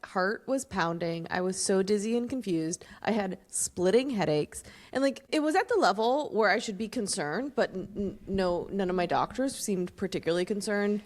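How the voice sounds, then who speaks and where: A woman's voice: mid-range voice, expressive, moderate pace, hardly any pauses. A woman co-hosting a podcast in casual chat, talking animatedly and laughing often. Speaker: podcast co-host.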